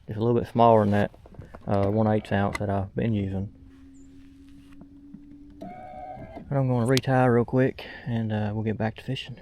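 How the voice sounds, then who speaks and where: A man's voice: on the low side, flat delivery, normal speed, long pauses, darkish tone, slight background noise. A young man, talking casually to a camera mounted on his kayak outdoors as he fishes, plainspoken with lots of fillers. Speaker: fishing vlogger. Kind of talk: casual outdoor vlog narration.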